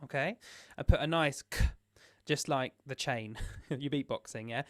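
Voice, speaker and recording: A man's voice: medium pitch, unhurried, dry recording, clean studio sound. A man leading a choir sectional rehearsal as music director. He explains the parts step by step and counts in the beats.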